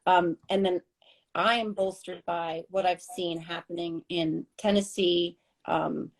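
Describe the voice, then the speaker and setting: A woman's voice: on the low side, steady tone, a little slow, rough recording. A woman co-hosting a podcast, speaking in an effusive, emotional way with frequent restarts. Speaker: podcast co-host. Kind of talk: casual chat.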